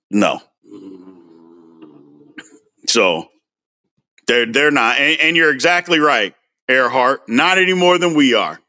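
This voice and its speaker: Male sports-stream host with a bright voice, loose and animated, replying to viewers. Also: a little high. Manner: animated, answers viewer comments by name. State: frustrated. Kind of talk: casual livestream chat.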